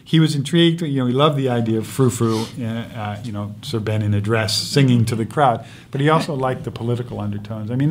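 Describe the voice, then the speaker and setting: A man, a film director, telling stories in a casual interview, lively and laughing as he recounts. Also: medium pitch, a little hiss or hum. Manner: animated storyteller, laughs while recounting.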